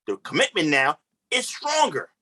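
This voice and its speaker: A man's voice: a little high, sing-song, moderate pace, bright, forceful tone. Earnest, emphatic male relationship coach. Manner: earnest, emphatic, loose informal grammar. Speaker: relationship and life coach, podcast guest. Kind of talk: casual conversation.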